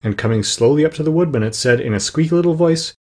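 A man reading a storybook aloud as narrator, steady and plain, with the odd small slip. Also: on the high side, quick pace. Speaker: audiobook narrator.

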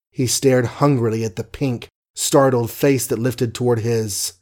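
A man reading a novel aloud as an audiobook narrator, measured, wry and ornate. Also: medium pitch, fairly even intonation, a little mellow.

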